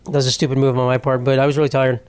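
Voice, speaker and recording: A man's voice: mid-range voice, flat delivery, rapid-fire, clean tone, dry recording. A man hosting a podcast, telling rambling, profane comic stories and laughing at his own jokes. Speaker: podcast host. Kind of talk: rambling comedic monologue.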